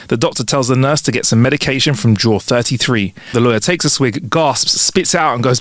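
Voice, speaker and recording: Playful man reading jokes, lively pitch. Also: a little fast, hardly any pauses, dry recording, clean studio sound. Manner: playful, chuckling joke delivery. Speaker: podcast co-host. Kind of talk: reading listener jokes aloud.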